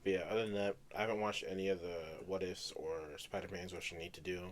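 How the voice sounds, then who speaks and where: Laid-back young man, slightly low voice. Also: steady tone, fast talker. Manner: laid-back, rambling, uses slang. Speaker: podcast co-host. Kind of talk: casual chat.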